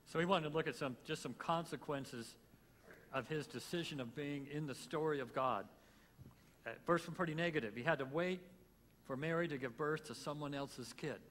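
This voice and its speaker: A man's voice: a little high, moderate pace, a bit bright. Reflective man preaching in an echoing church. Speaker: pastor. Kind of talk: sermon with closing prayer. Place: church sanctuary. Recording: hall reverb with faint room noise.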